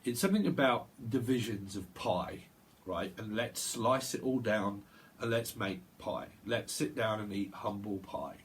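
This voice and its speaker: Fairly low in pitch but lively in intonation, a man delivers a solo tarot reading at a measured pace over slight background noise. It's a rambling, intuitive monologue captured on video, drifting in stream-of-consciousness style as he repeats sounds and laughs to himself.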